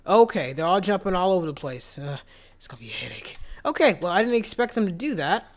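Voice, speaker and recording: A man giving casual gameplay commentary, excitable, jumping into squeaky outbursts of surprise and dropping to whispered asides, his voice cracking when it goes high. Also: fast talker. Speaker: gaming channel host.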